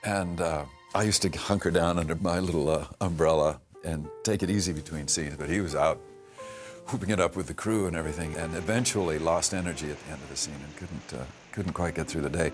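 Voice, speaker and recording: An older man, an actor, thoughtfully recalling his work in a reflective interview, speaking in a measured way with restarts and pauses. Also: rumbling low, music in the background. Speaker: actor recalling a past production.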